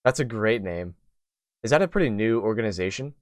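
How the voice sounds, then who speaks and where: On a gaming podcast, a young man chats casually and rambles, filling his thoughts with fillers and restarts while sounding animated and brisk. His slightly low voice is smooth and clean, captured by a close mic that leaves it dry with no room sound.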